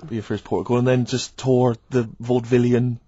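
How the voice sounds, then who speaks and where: Quick, dry-witted man with a husky voice. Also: mid-range voice, flat delivery, dark tone, dry recording. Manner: quick, dry, teasing questions. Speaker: radio co-host. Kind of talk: casual radio banter. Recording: dull dry lo-fi radio recording.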